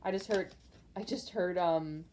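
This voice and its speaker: A woman's voice: lowish voice, measured pace, darkish tone. A woman doing a casual pick-a-card tarot reading, rambling and speaking intuitively to viewers with lots of fillers.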